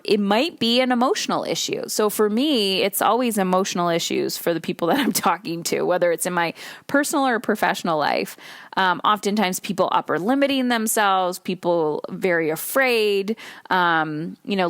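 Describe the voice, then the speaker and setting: A woman hosting her own podcast, talking solo in an animated coaching tone. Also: mid-range voice, no echo, clean studio sound. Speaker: podcast host.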